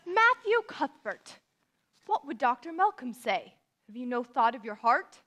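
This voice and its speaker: A woman's voice: fairly high pitch, animated, fairly bright tone. Stern spinster, a woman acting her. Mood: scolding. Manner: brisk, commanding. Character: stern, no-nonsense older spinster farm woman. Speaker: stage actor in a youth musical. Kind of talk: live stage musical acting.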